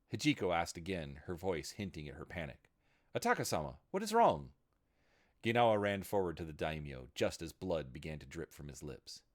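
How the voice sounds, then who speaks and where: A man narrating a fantasy story in an expressive, dramatic reading. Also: a bass voice.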